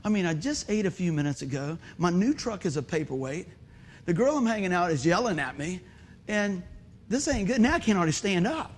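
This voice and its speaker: A pastor delivers a storytelling sermon in a noticeably high male voice. He punctuates the tale with shouted sound effects and keeps turning to the congregation with questions. A faint hum of noise sits underneath. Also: sing-song, a little fast.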